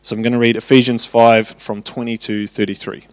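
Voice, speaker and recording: A man preaching a sermon, telling family stories in an animated, anecdotal way. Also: medium pitch, fairly quick, dry recording. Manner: anecdotal, animated when retelling family scenes.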